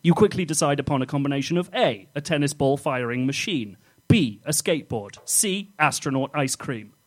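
A man's voice: on the high side, expressive, moderate pace. A man telling his own comic second-person story to friends, playful and often laughing.

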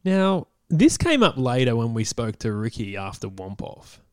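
A man co-hosting a podcast, trading jokes and quick banter in casual chat. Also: mid-range voice, big pitch swings, darkish tone, dry recording, studio quality. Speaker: podcast co-host.

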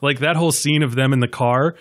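A man's voice: mid-range voice, a little fast. A man hosting a podcast, chatting casually about a film, rambling with many fillers and acting out quotes. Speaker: podcast host.

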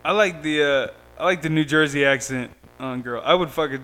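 A man's voice: fairly high pitch, normal speed, pushed and bright, faint music behind. A man co-hosting a casual chat at a house, trading crude jokes.

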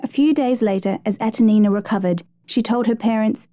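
A woman reading a true rescue story aloud in steady, measured scripted narration, lightly voicing the quoted lines. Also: a little high, no echo.

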